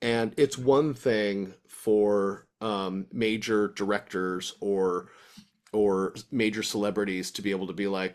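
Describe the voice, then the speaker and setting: A man's voice: lowish voice, steady tone, slow. Rambling male podcast co-host. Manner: rambling, thinks aloud with restarts. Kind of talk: casual chat. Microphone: video call.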